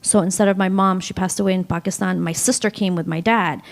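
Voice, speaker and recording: Gravelly-voiced woman with a New York accent. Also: lowish voice, fairly even intonation, quick pace. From Afghanistan. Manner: chatty, laughs often, many ums. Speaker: panelist. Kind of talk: panel discussion. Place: synagogue hall.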